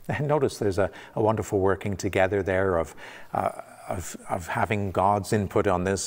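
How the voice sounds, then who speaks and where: A man's voice: sits low, normal speed, a little mellow. A man preaching a conversational sermon as pastor, from Canada, with frequent restarts and fillers. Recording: long church reverb.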